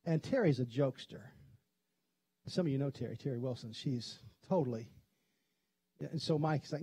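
A middle-aged pastor from Kentucky preaching a sermon, telling stories in a chatty way and laughing often. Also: male voice, medium pitch, warm tone, husky, no room sound. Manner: conversational storytelling, quick to laugh. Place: church sanctuary.

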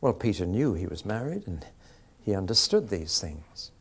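A man's voice: fairly low pitch, very animated, normal speed, gravelly, breathy edge. A man preaching a sermon, telling anecdotes with dry humour.

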